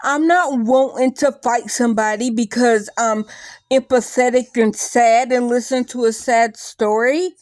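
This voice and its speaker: A young adult woman talking through her feelings in a rambling, animated vlog, full of likes and restarts. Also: on the high side, measured pace, no room sound. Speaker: vlogger. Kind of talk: casual confessional talk to camera.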